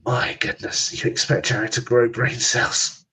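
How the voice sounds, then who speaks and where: A man's voice: medium pitch, flat delivery, a little slow, bright, forceful tone, a little hiss or hum, rough recording. A man hosting a casual sports podcast, ranting sarcastically and laughing. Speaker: podcast host.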